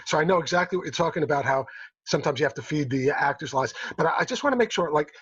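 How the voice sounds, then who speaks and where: A husky man hosts a relaxed interview from his end of a video call. His voice sits a touch high, and he chats easily, laughs along and keeps the questions coming. The call audio is muffled and lo-fi. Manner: chatty, laughs often, quick follow-up questions. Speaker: host. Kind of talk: casual interview.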